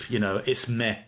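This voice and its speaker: A man's voice: on the low side, noisy background. Chatty man with frequent restarts. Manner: chatty, rambling with restarts and loud mimicry. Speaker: studio guest commentator. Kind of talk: casual chat.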